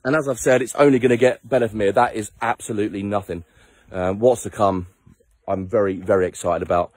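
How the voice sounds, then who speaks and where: Man, husky and dry, rambling self-mocking vlog to a phone camera outdoors, tired ride leader. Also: fairly low pitch, steady tone, brisk, darkish tone, no room sound. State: tired after little sleep. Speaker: ride leader of a charity motorbike trip. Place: outdoors on a coastal headland. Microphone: handheld phone camera.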